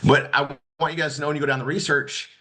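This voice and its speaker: Bright-voiced man rambling through a training talk. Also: fairly high pitch, level tone, quick pace. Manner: rambling, many restarts and fillers. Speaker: marketing instructor.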